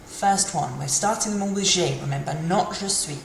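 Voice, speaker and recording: Woman teacher going slow and careful, lowish voice, echoey room w/ faint background hum. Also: creaky. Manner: slow, careful, repeats phrases for practice. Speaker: French teacher. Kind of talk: language lesson.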